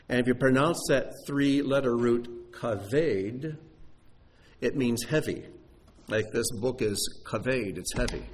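A man preaching a sermon to his congregation, animated and talking straight to them with questions. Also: medium pitch. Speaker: pastor. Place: sanctuary before a congregation.

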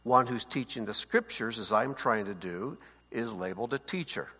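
Here a man teaches the Bible while seated, chatting conversationally and regularly checking that his listeners are keeping up. His voice is lowish, husky and sharp in tone, delivered at a moderate pace. The recording has a long hall reverb.

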